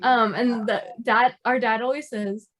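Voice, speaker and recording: An American woman co-hosting a podcast, relaxed and unhurried as she reads listener questions. Her voice is fairly high and her pace is slow. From United States. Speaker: podcast co-host. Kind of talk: casual chat.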